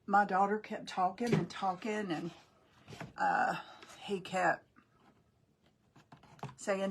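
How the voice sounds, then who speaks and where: An older woman with a drawl talks warmly and loosely to her viewers while she works on a craft. Her voice carries a gravelly fry. Faint background noise sits under her. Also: medium pitch, takes it slowly, long pauses. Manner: chatty, folksy, talks to viewers while working. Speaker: craft live-stream host. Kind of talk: casual crafting live stream.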